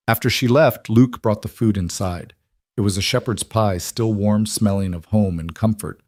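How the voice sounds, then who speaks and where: A man narrating a scripted story in an even, measured way. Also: lowish voice, no room sound, studio quality.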